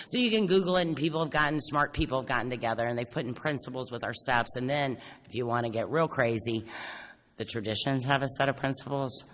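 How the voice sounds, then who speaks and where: A woman's voice: a bass voice, quick pace, a bit bright. Blunt sarcastic woman in an echoey hall. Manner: blunt, sarcastic, self-mocking, swears. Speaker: AA speaker. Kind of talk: recovery talk to a convention crowd. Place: large convention hall. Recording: echoey hall with faint noise.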